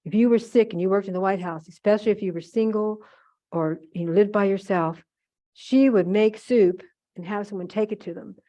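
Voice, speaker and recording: A woman's voice: medium pitch, moderate pace, mellow. An older woman telling rambling, chatty stories with asides while demonstrating holiday decorating. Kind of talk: casual storytelling during a demonstration. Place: museum event room. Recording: muffled museum archive recording.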